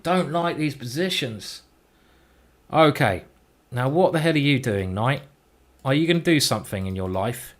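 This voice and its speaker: Male chess streamer, chatty self-talk, mid pitch, a little sweary. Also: animated, normal speed, long pauses. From England. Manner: chatty, thinking aloud, mildly sweary. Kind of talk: live game commentary.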